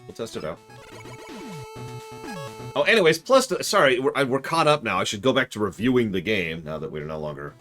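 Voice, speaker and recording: A man's voice: medium pitch, very animated, brisk, pauses often, sharp tone, faint music behind. A man streaming a video game in casual commentary, rambling, breaking off mid-sentence and answering chat.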